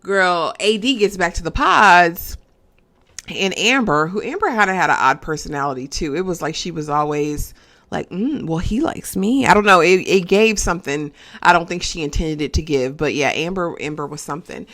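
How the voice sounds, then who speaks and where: Woman, lowish voice, casual talky show recap, animated, checks in with listeners. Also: moderate pace. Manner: chatty, animated, asks the viewer "okay?". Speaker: reality TV reviewer.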